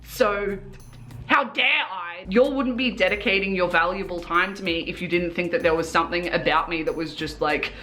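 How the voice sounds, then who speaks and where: A woman's voice: fairly low pitch, moderate pace, pushed and bright, faint music behind. Young woman vlogger rambling thru her makeup routine, chaotic and earnest, loads of likes and restarts. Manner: earnest and self-reflective. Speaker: beauty vlogger. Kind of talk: casual confessional chat while doing makeup.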